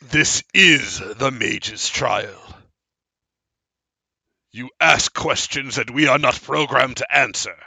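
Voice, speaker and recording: A man voicing giant toothy stone statues that shout in booming voices. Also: slow pace, creaky, no echo, heavily acted.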